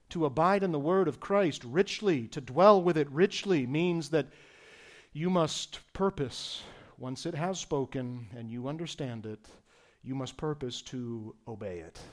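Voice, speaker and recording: A man preaching a sermon as pastor, earnest and emphatic, with softer reflective asides. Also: on the high side.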